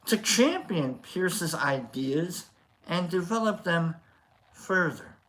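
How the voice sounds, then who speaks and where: A stream host reading philosophy aloud at an unhurried, slow pace. They pause often to restate lines and stress words, mixing in jokey asides to the chat. The delivery is loose and conversational rather than polished. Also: medium pitch, a bit bright.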